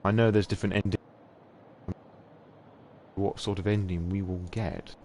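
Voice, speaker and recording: Low-voiced man chatting on stream. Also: steady tone, moderate pace, a little mellow, a little hiss or hum. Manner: chatty, swears freely, laughs often. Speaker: live-stream host. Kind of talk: casual live-stream chat.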